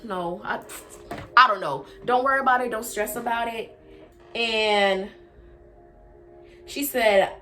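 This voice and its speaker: A young woman vlogger telling a casual storytime, acting out quoted lines with big jumps in pitch and dropping into quiet low asides. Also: a little hiss or hum.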